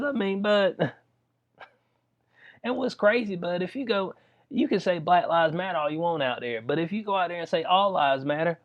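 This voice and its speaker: A man's voice: on the high side, dull audio. A man giving casual, rambling commentary on news stories, full of slang and frequent laughter. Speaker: political commentary vlogger.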